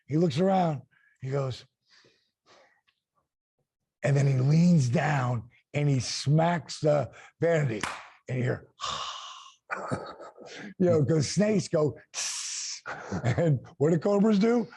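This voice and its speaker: A middle-aged man and former wrestler telling an animated story, acting out quotes with big voice swings. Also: a little high, takes it slowly, pauses often, no room sound. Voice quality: gravelly.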